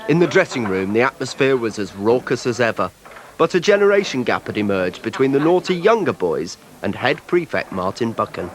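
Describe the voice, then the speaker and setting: A man giving measured, wry scripted narration for a documentary. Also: medium pitch, very animated. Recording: noticeable background noise.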